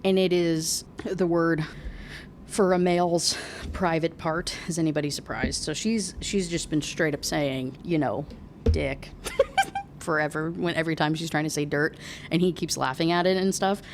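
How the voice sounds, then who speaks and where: A chatty woman book reviewer recapping a novel, laughing and swearing as she goes. Her voice sits a little low, with a faint hiss in the background. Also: steady tone, moderate pace. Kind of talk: casual book recap and reading aloud.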